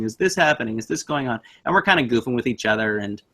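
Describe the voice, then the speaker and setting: Young man, bright forceful tone, animated casual ghost-story teller. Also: medium pitch, fast talker, hardly any pauses. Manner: animated, acts out voices in his story.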